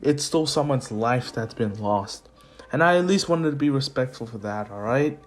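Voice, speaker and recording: A brash teen rival turns low and gruff as he offers comfort, as a man plays him in near his own voice. Faint lo-fi music runs underneath. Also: expressive, normal speed, lightly acted. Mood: consoling. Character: brash teenage boy rival, gruffly sympathetic.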